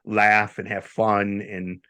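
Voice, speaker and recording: A man hosting a podcast, telling stories in a rambling, animated, casual way. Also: lowish voice, slow, smooth. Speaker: podcast host. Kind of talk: casual storytelling chat.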